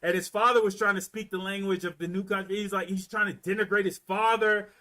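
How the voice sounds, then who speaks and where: A man from Florida telling a story in a casual, animated rant, full of profanity and repeated words. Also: high-pitched, fairly quick. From Florida, US South. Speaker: commentator.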